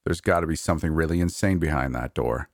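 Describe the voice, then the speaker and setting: A laid-back young man speaks casually, with a joking, reassuring manner, as voiced by a male storyteller. His voice is very low and recorded dry and close. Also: fast, no echo.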